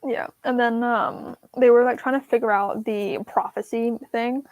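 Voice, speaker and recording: A woman's voice: on the high side, steady tone, normal speed, darkish tone, no echo. A young woman co-hosting a casual livestream book discussion, giggly and fond of reading passages aloud in voices. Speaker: book club co-host.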